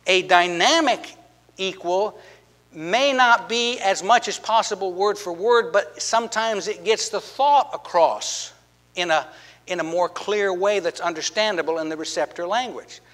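A man's voice: sits high, measured pace, fairly bright tone. A man preaching a sermon as a pastor. He teaches earnestly, repeats his words and asks the congregation questions. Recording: long hall reverb.

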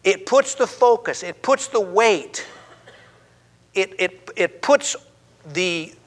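A high-pitched male preacher delivering a sermon with earnest emphasis. He circles back over his phrases, restarting them as he builds a point, then sinks into a low, quiet hush to drive it home. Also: expressive, slow, long reverb tail.

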